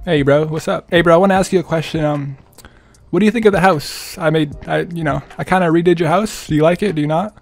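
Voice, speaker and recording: A man's voice: a little high, fast talker, creaky, soft background music. A young man giving playful, trolling gameplay commentary, laughing often. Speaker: gaming streamer.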